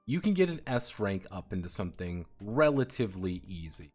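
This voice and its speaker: Male streamer, animated pitch, curses a lot, laughs hard at his own stories, faint music behind. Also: brisk. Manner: swears freely, laughs hard telling stories. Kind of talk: casual stream chat. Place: home streaming setup.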